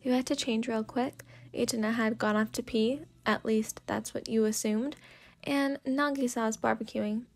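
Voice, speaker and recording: A woman softly reading a second-person story in a sleepy whispered role-play. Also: on the high side, steady tone, normal speed. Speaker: fanfic reader.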